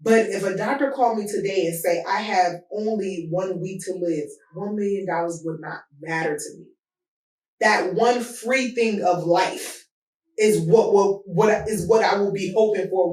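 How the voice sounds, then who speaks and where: A woman hosting an advice podcast, talking casually and telling personal stories with lively swings in her voice. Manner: animated, voice jumps high when telling a story. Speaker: podcast host. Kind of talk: personal advice talk with storytelling. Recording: roomy sound from a distance from the mic.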